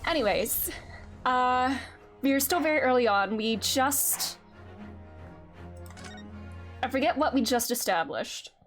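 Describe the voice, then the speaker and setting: A young woman streaming a game, chatting casually with her viewers in an excitable way, with lots of gasps and fillers. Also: high voice, slow pace, pauses often, soft background music. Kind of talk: casual live-stream chat.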